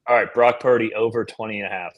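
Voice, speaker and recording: A man's voice: fairly low pitch, steady tone, fast, lo-fi sound. A man co-hosting a sports betting podcast, giving blunt, matter-of-fact takes on the numbers. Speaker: podcast co-host. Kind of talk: casual sports betting chat.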